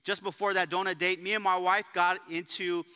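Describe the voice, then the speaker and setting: A man with a high, very bright voice preaches a sermon in an energetic, conversational way, mixing jokes and personal stories. His voice rings out through a large church sanctuary, and the room's long reverb trails after every phrase. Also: a little fast, clean tone. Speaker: pastor.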